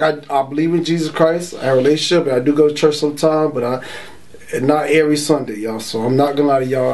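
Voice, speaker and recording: Young man from Florida, slightly high voice, loose street slang, testimony told straight to camera. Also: a little mellow. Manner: streetwise slang, frequent "you know" and "y'all". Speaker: man giving a religious testimony. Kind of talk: casual spoken testimony.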